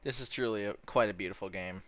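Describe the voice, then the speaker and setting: A man's voice: on the low side, fast, fairly bright tone. A young man casually commenting on his own gameplay, rambling and stumbling over words, easily amazed.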